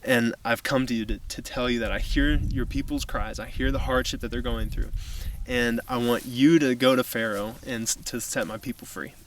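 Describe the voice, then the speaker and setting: A man's voice: medium pitch, steady tone, normal speed, few pauses, slight background noise. A man giving a casual, conversational sermon outdoors on a mountain, recorded from a distance. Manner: casual, conversational preaching with fillers. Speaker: youth pastor.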